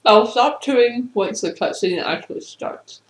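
A woman's voice: fairly high pitch, animated, measured pace, reverberant, slight background noise, poor audio. A young woman co-hosting a casual gaming video, giggly and agreeable. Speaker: let's play co-host.

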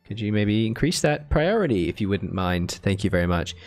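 A man live-streams a strategy game with casual commentary, thinking aloud in a chatty way and thanking viewers in bursts of enthusiasm. His voice is fairly low, sing-song and brisk, with soft music in the background.

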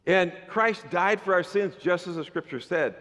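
A man preaching a sermon as pastor, animated and conversational, with playful asides to the congregation. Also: high voice, moderate pace, in a large hall. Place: church sanctuary.

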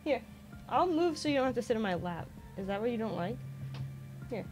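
A woman chats casually at her desk mic with a fairly high voice. She coaxes her cat in a bouncy, sing-song way that swings up and down. Soft music plays faintly behind her. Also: very animated, fairly quick. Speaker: streamer. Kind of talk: casual live-stream chat. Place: home desk. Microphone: desk microphone.

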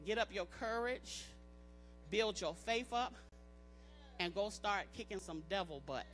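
Female preacher, bright forceful delivery, repetitive call-and-response, soft music under. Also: mid-range voice, unhurried. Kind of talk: sermon. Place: church service.

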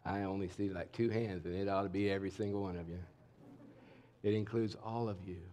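A middle-aged male pastor preaching a sermon in a candid, conversational way, swinging between emphatic and hushed lines. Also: sits low, fairly even intonation, fairly quick, slight background noise. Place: church sanctuary.

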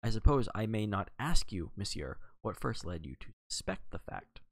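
A man reading aloud and voicing an earnest, agitated gentleman of a country house. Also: lowish voice, very animated, normal speed, creaky, no echo, full character voice. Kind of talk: audiobook character reading.

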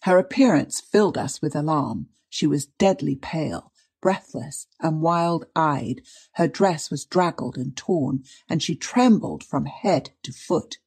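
A woman narrates an old mystery in a measured, dramatic reading. Her voice is low and dark with a husky grain. The pacing is steady and deliberate. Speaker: audiobook reader. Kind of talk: scripted narration.

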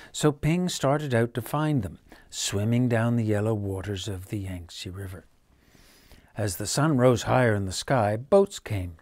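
A man reading a children's bedtime story aloud, gentle and dropping to a hush at quiet moments. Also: fairly low pitch, no room sound.

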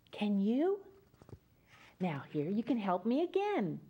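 A woman reads a children's story aloud at an unhurried pace. Her pitch rises and dips in a lively, sing-song way as she leads the little listeners through rounds of animal sounds. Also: husky, highs cut off. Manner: animal sounds and call-and-response. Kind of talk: reading a picture book aloud to children.

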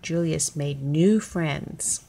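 Low-voiced woman reading a picture book. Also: mellow, a little hiss or hum. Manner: clear, deliberate. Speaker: storybook reader. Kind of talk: children's book read-aloud.

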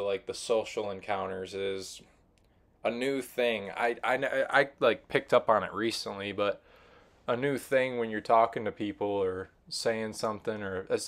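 A man's voice: on the low side, a bit bright. A young man telling comic stories about everyday social moments in a rambling, casual vlog style. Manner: rambling, conversational, lots of fillers. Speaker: vlogger. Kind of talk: casual comedic storytelling.

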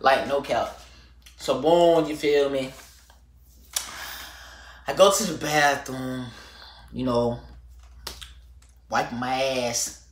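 A young man telling a storytime vlog to camera, animated and slangy, swinging from loud rants to low muttering. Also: drawn-out words, long pauses, echoey room. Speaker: vlogger.

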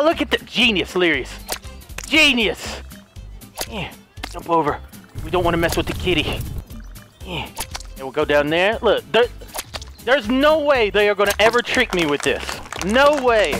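A man's voice: high-pitched, a bit bright. A man giving hyper, jokey playthrough commentary as a gaming YouTuber, breaking into squealing outbursts.

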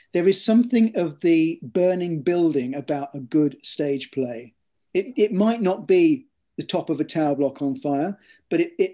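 Soft-toned man telling stories. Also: a little high. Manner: measured storytelling with frequent ums and repeated words. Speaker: author interviewed about his books. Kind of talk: thoughtful interview conversation.

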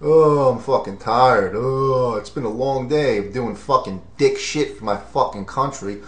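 A man's voice: mid-range voice, measured pace, close to an everyday voice. A man putting on a tired, grumbling president who drawls his way through a workout, swearing lazily. His voice sits mid-range for a man. The recording is roomy and echoey. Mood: weary. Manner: profane, drawling and sluggish. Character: weary grumbling male president at the gym. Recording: roomy echo.

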